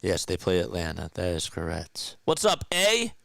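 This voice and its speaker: Male fan streamer, live play-by-play, excitable and chatty; smooth, resonant voice, dry close sound. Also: sits low, normal speed, dry recording. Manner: excitable, hyped, chatty with viewers.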